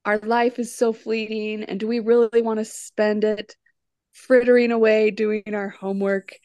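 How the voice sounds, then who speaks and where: A woman's voice: medium pitch, little pitch movement, normal speed, dark tone, no room sound, lightly acted. A woman quoting a tough cartoon boy in a mock-dramatic, solemn tone.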